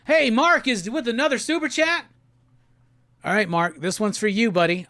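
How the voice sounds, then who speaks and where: A man's voice: high-pitched, normal speed. A man hosting a casual live stream, reading viewer messages aloud and joking with the chat. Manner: reads viewer super chats aloud and jokes around. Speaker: livestream host. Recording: loud music playing behind the voice.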